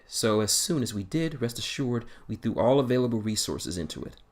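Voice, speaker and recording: A man voicing a calm, probing male starship captain who speaks in a measured, even way. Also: mid-range voice, natural voice.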